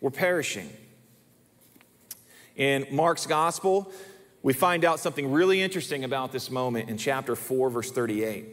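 A man's voice: mid-range voice, steady tone, normal speed. A male pastor preaching a sermon in an emphatic way, often repeating words for stress. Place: church sanctuary. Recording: long reverb of a church hall.

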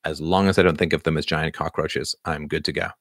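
Middle-aged male livestream host, low register, loose rambling delivery, dry room. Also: flat delivery, fairly quick, a bit bright, no echo. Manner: rambling, lots of fillers and restarts. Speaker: livestream host answering viewers. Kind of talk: casual live chat.

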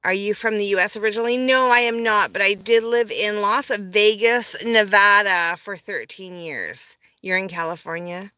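Bright-voiced woman live streaming. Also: mid-range voice, normal speed, hardly any pauses, dry recording. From Canada. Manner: chatty, greets viewers and answers chat comments. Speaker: vlogger. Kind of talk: live stream chat with viewers. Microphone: phone.

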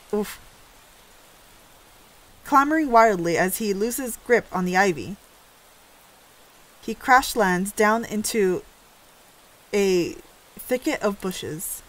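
A woman's voice: medium pitch, fairly bright tone. A woman narrating a story game aloud, reading dramatically and breaking in with reactive asides.

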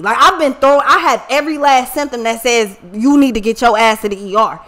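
Woman host, blunt and profane, high bright voice, animated casual storytelling. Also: a little fast, few pauses. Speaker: tarot reader and channel host.

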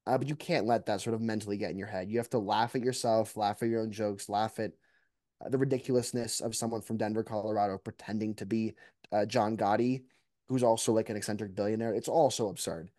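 A man's voice: fairly low pitch, fast talker, no echo, clean studio sound. A man, a mock trial competitor, reflecting animatedly in a casual interview. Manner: reflective, animated, many restarts.

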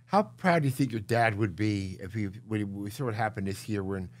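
Male host, lowish voice, easygoing, casual interview questions. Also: fairly quick.

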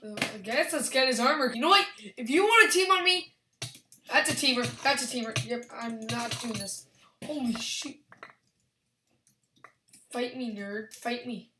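A young woman giving excitable, rambling commentary over her own gameplay, yelling at opponents. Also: fairly high pitch, moderate pace, pauses often. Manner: excitable, restarts often, yells at opponents. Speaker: gaming channel host. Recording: echoey room with faint background hiss.

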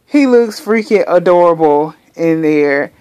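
A young woman vlogger gushing excitedly in casual chat, saying y'all a lot. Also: fairly low pitch, unhurried, clear, resonant tone.

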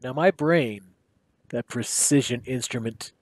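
A man's voice: fairly high pitch, animated, a little slow, pauses often, darkish tone, no echo. Man reading a story in his basement. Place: home basement.

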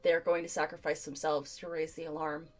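A woman's voice: low-pitched, little pitch movement, brisk. A woman co-hosting a live stream, chatting casually and rambling with many fillers. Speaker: co-host. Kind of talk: casual chat.

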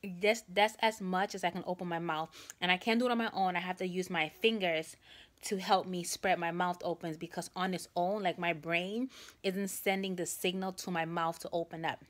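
A woman's voice: on the low side, steady tone, normal speed. A young woman vlogging to camera, telling a rambling story and speaking with a sore jaw that makes talking hard. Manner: chatty, rambling, addresses viewers as guys. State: sore jaw, trouble opening mouth.

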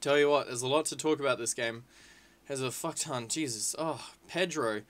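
A man giving casual, excitable gameplay commentary, swearing freely and calling his viewers lads and boys. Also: medium pitch, normal speed. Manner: excitable, swears a lot, shouts at big moments. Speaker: gaming video creator.

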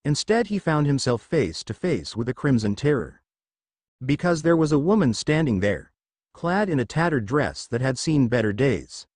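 A man's voice: mid-range voice, a little mellow, no echo. A man reading a fan-fiction story aloud as scripted narration, with a dramatic delivery.

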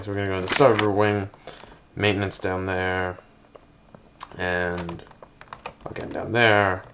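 Low-voiced man giving a goofy game tour. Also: fairly bright tone, slight background noise. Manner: rambling, joking, goofy asides. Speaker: gameplay video host. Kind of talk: casual game build tour commentary.

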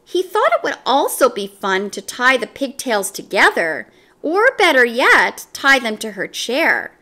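A woman reading a children's book aloud, slow and expressive. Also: fairly high pitch. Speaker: storyteller.

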